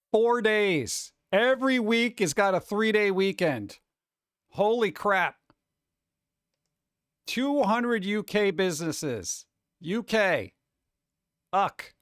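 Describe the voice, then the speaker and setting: Male host, casual and playful, goofy sound effects, slightly high voice. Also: expressive, takes it slowly, pauses often, a bit bright, no echo, clean studio sound. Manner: playful, makes goofy noises. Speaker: streamer host. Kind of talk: casual chat.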